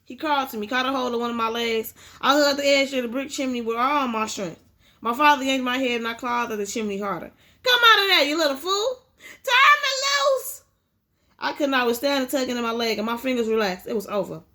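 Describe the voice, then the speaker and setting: A woman with a fairly high voice reading a memoir aloud. Her delivery is unpolished, with frequent stumbles and restarts. It sounds like a casual home read-aloud rather than a professional narration. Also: fast, fairly bright tone. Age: adult with a child. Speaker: audiobook reader.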